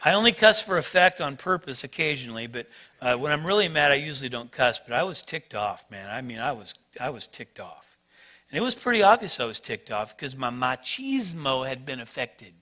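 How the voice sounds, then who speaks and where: A man preaching as a pastor, telling a self-mocking personal story in an animated way. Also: medium pitch, a little fast. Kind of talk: sermon storytelling.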